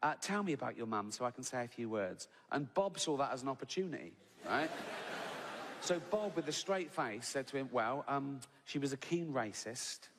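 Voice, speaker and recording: A man's voice: mid-range voice, lively intonation, brisk, very noisy. A man in his sixties with an English accent, telling a long stand-up anecdote in a chatty way, often asking "right?" and swearing. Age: 60s. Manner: chatty anecdotal delivery, peppered with "right?" and swearing, laughs at his own story. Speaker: stand-up comedian. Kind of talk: stand-up storytelling. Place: stage in a large hall with a live audience. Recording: reverberant hall, audience ambience.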